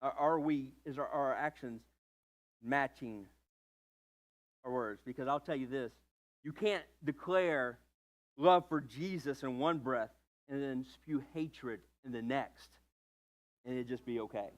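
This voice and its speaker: A man preaching a sermon as pastor, telling a story in a relaxed, conversational way with joking asides about himself. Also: medium pitch, a little slow, long pauses.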